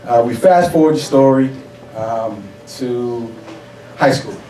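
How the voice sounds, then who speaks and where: A man's voice: mid-range voice, takes it slowly, slight background noise. Young man from New York telling a profane story live, miked from a distance in an echoey hall. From New York City. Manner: profane, animated, laughing audience reactions. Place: stage before a live audience. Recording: roomy hall, mic at a distance. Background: audience laughter.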